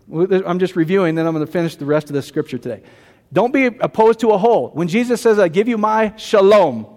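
A man's voice: high-pitched, a little mellow. Conversational male pastor in a reverberant hall. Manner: conversational preaching, often asking the congregation questions. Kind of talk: sermon.

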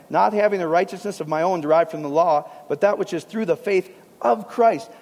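A man preaching a sermon to a congregation, in a conversational, animated way with casual asides. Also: a little high, long reverb tail.

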